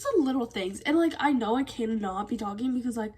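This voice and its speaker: A woman's voice: a little high, moderate pace, a little mellow, husky. A teenage girl venting to camera in a casual rant, blunt and exasperated, peppering her talk with "like". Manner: blunt, exasperated ranting with constant "like" fillers. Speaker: vlogger.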